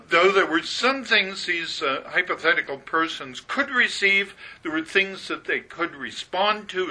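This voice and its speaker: In a verse-by-verse Bible teaching, a man methodically works through the Greek grammar and heavily stresses the key words. His voice is somewhat high, sharp, and forceful, and the audio quality is poor.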